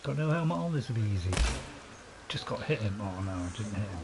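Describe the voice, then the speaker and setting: A man's voice: fairly low pitch, very animated, quick pace, vocal fry, heavy background noise. A British man hosting a gameplay video, chatting and joking at his own expense while he plays. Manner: chatty, joking, self-mocking, laughs often. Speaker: gaming video host. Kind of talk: let's-play commentary. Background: dog barking nearby.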